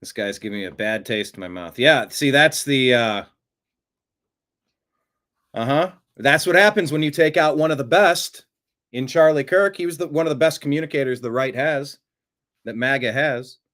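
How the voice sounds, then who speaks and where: A man's voice: medium pitch, fairly bright tone. A male show host commenting on played clips in a casual, conversational way and reading out viewer comments.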